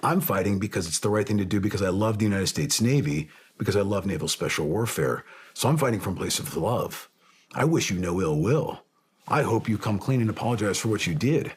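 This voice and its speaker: On a podcast, a Navy SEAL captain in his forties discusses faith and forgiveness with real earnestness, occasionally building to fervent emphasis. The officer's fairly low voice is expressive, very smooth and resonant, and fairly quick, with a bit of background noise in the recording.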